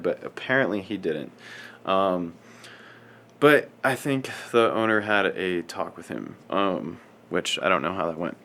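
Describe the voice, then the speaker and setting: A man telling a story to camera in casual vlog style, rambling and scatterbrained, swearing often and speaking in a self-described monotone. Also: low-pitched. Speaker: fitness vlogger.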